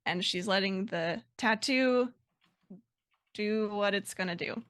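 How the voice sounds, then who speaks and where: Woman player, tabletop game, casual rambling talk, bright, high voice. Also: measured pace, dry recording, studio quality. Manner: rambling, filler-heavy, animated.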